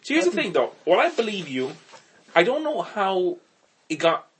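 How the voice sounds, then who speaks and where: A man's voice: high voice, huge pitch swings, moderate pace, a bit bright, slightly rough. A man co-hosting a podcast, chatting casually in a rambling, wry way that keeps interrupting itself. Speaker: podcast co-host. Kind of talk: casual chat.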